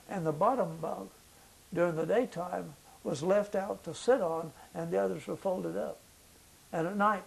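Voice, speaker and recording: Gravelly older man recalling wartime travel. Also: high-pitched, a little mellow, poor audio. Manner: halting recollection with many fillers. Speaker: veteran interviewee. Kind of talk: oral history interview.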